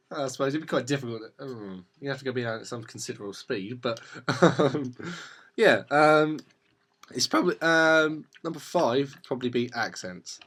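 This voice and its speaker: A man's voice: mid-range voice, lively intonation, normal speed, fairly bright tone. A young man from Essex with an Essex English accent, rambling and laughing through a casual vlog chat as co-host. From Essex, England. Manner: rambling, laughs often, trails off.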